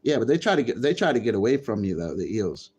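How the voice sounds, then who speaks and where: A man's voice: mid-range voice, very animated, quick pace, a little mellow, slightly rough, dull audio. A man chatting casually on a livestream, rambling and swearing freely. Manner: profane, rambling, easily frustrated. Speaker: live streamer.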